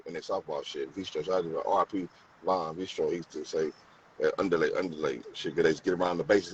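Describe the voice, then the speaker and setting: Man, St. Louis accent, animated storyteller, low voice, distant mic, muffled sound, faint room noise. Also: fast. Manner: animated, repeats phrases, acts out quotes. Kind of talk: casual debate.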